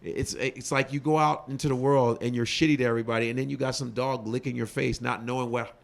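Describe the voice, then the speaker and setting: A male comedian in a casual interview, ranting in a profane, animated way. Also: mid-range voice, quick pace, gravelly. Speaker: comedian guest.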